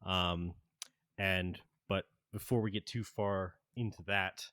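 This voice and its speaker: A man narrating as game master of a tabletop game, halting and full of fillers and laughs. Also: low-pitched, fairly even intonation, sharp tone, smooth, no echo, clean studio sound.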